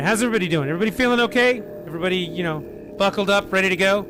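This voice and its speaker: A man in his forties with a hoarse, scratchy voice after being sick, chatting casually and rambling to viewers during a game stream at home. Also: high voice, racing. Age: 40s. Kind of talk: casual live-stream chat.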